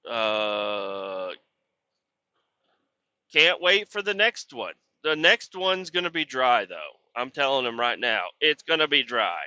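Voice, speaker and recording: A man's voice: medium pitch, big pitch swings, slow, sharp tone, smooth, no echo. A man who hauls water as a truck driver talks casually on his podcast, rambling, grumbling and swearing about his job. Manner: profane, grumbling and frustrated, with many fillers. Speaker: podcast host. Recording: dull lo-fi sound.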